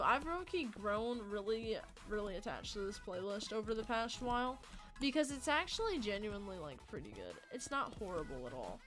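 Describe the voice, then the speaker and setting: Joking young woman streamer, fairly high voice. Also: fairly bright tone. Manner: rambling, joking, swears freely. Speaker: livestreamer. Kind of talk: casual chat with stream viewers. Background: faint game music.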